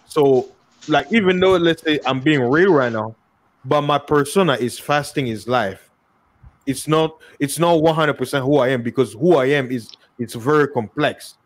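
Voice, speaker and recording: A man with a Congolese accent talks in a relaxed, unscripted conversation. His voice sits at an ordinary middle pitch. He repeats words as he searches for the next thought. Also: moderate pace. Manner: repeats words often and tells stories by acting out both sides of a dialogue. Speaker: guest in a podcast conversation. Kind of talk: casual discussion.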